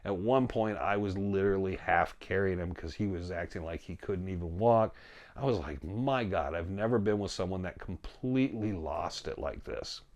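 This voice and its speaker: Low gravelly man telling a story. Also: moderate pace. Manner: animated retelling, quotes himself and his friend, laughs often. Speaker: storyteller guest. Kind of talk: casual spoken storytelling.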